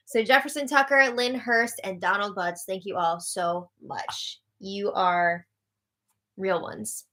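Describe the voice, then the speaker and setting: A woman's voice: mid-range voice, steady tone, slow, sharp tone. A young woman hosting a casual live update show, chatty and tired, laughing often as she recaps. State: tired, yawning. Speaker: host.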